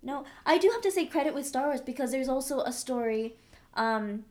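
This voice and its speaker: A woman's voice: high-pitched, expressive, a little fast, darkish tone. A young adult woman talking in a candid, emphatic way in a casual chat.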